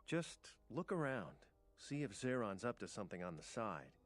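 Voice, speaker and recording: A man voicing a male video game townsman who quietly passes on suspicions about someone, talking in a hesitant, conspiratorial way. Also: fairly low pitch, sing-song, moderate pace, faint music behind. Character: adult male game townsman, secretive informant.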